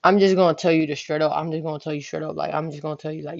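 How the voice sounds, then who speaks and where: A woman's voice: deep voice, little pitch movement, rapid-fire, gravelly, muffled recording. A young woman vlogger telling a story casually, profane and rambling, often asking "you know what I'm saying". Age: young adult.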